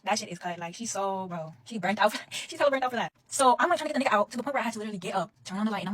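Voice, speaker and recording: A young woman telling a heated, profane storytime straight to her phone camera, talking casually and fast. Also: a little high, lively intonation, slight background noise, rough recording.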